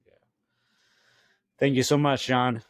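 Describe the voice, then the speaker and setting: A man's voice: mid-range voice, flat delivery, slow, smooth, no room sound, studio quality. A man hosting a podcast, responding thoughtfully and affirming his guest in casual conversation. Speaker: podcast host.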